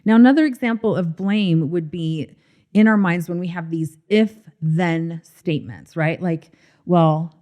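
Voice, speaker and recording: A woman co-hosting a marriage coaching podcast, telling stories in an expressive, animated way. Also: lowish voice, a little slow, muffled recording. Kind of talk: casual podcast conversation.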